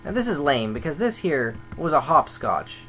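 A man's voice: a little high, sing-song, normal speed, pushed and bright, a little hiss or hum, low-quality recording. A man talking casually over gameplay as a server admin, grumbling and thinking aloud as he goes.

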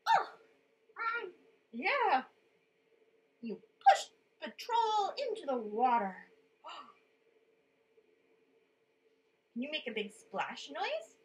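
A woman's voice: high voice, very animated, drawn-out words, long pauses, low-quality recording. A woman reading a children's story aloud, playful and coaxing a young listener to join in with sounds.

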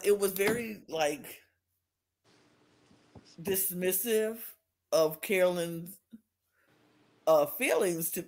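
A woman co-hosts a casual podcast chat, her voice leaping high and low as she acts out the quotes she retells. She sounds indignant, venting at length in a middle-pitched voice. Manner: animated, acts out quotes with big pitch jumps. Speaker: podcast co-host.

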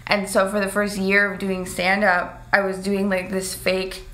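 A woman's voice: mid-range voice, monotone, a little slow, a bit bright. A young woman from Canada with a Canadian accent, a stand-up comedian chatting as a guest, self-deprecating and full of "like". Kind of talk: casual interview chat.

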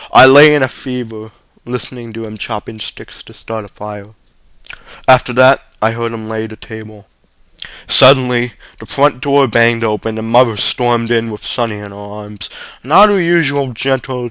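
A man narrating a short story at a middling pitch, steady and even, now and then tripping over a word. The recording is dry and close, with no room sound. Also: clean tone, dry recording. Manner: steady, with occasional stumbles. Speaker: story reader. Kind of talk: reading a short story aloud.

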